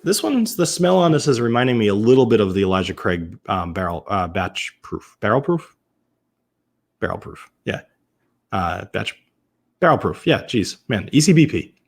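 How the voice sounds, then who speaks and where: A man from Massachusetts hosts a relaxed live-stream tasting in a fairly low voice. He talks loosely and chattily, trips over words, and corrects himself mid-sentence while answering viewers. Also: moderate pace, gravelly. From Massachusetts, USA. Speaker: whiskey reviewer hosting a live stream.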